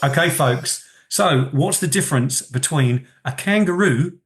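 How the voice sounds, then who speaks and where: Guy co-hosting from his kitchen, stumbles and restarts, chuckles a lot, a bit high pitched. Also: expressive, unhurried, soft background music. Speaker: podcast co-host. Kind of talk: casual chat. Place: home kitchen.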